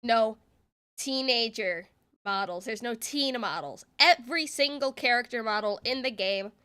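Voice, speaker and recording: Sarcastic woman streamer ranting, bright voice, pitched a bit high. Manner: exasperated, sarcastic, swears freely. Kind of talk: reaction commentary.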